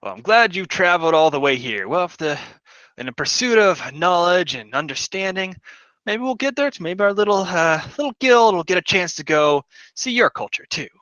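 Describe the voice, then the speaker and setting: A man's voice: high voice, very animated, normal speed, bright, forceful tone, dry recording, muffled recording, pitched above the performer's own voice, full character voice. A man voicing a friendly, eager male guild host who talks cheerfully.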